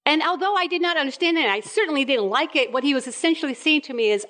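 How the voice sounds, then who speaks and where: A woman's voice: high-pitched, fast talker, hardly any pauses. A woman in her fifties from Puerto Rico, preaching a sermon and acting out little scenes with quoted voices. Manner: animated storytelling with acted-out quotes.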